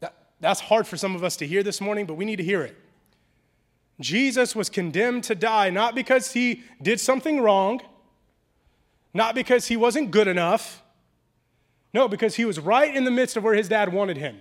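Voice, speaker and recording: A man with a high, light voice preaching a sermon. He talks in a casual, conversational way, drops in slang, and moves between hushed, intimate stretches and loud, animated bursts. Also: moderate pace. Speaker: pastor.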